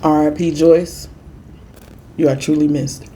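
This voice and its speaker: A woman food vlogger chatting through a storytime while she eats, with emphatic repeats and lively quoted voices. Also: low voice, unhurried, slight background noise. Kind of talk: casual storytime while eating.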